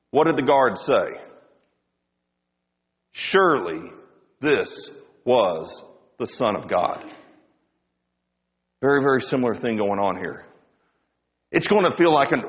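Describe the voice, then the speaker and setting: A man's voice: mid-range voice, big-room sound, muffled recording. A man preaching a sermon as pastor, rising and dropping his voice for emphasis.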